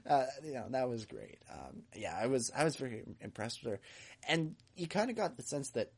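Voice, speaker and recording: A man's voice: medium pitch, big pitch swings, moderate pace, gravelly, husky. A man co-hosting a podcast in casual chat, chatty and joking, with a lot of "you know". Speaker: podcast co-host.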